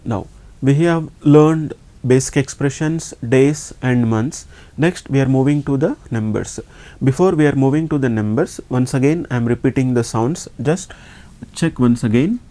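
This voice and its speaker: A man teaching a class, slow and patient, saying each word several times over. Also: medium pitch, warm tone. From India. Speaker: language teacher.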